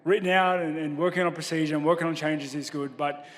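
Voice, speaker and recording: A man answering questions as a fighter at a press conference, modest and halting with many restarts. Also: a little high, fairly even intonation, in a large hall.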